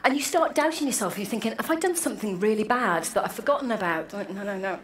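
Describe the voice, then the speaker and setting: A Welsh woman in her forties gives a wry, self-deprecating speech full of anecdotes at an annual meeting, addressing an audience in a large hall. Her voice runs on the high side, very animated and fast. The echoey hall adds faint room noise.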